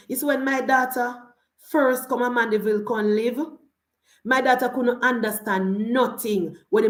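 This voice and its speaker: A woman's voice: fairly high pitch, a bit bright, roomy sound. A Jamaican woman giving an emphatic political rant in patois-laced speech, repeating rhetorical refrains. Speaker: political commentator.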